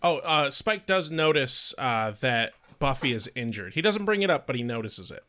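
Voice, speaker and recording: A man co-hosting a podcast, chatting in an excitable, rambling way. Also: mid-range voice, moderate pace. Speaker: podcast co-host. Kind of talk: casual chat.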